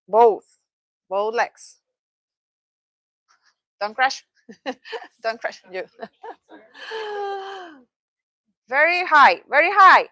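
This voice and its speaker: Slow, emphatic woman trainer. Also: high voice, bright, forceful tone, dry recording, poor audio. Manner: slow, emphatic teaching with playful asides and laughs. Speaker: physical therapy trainer. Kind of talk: hands-on training session. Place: training room.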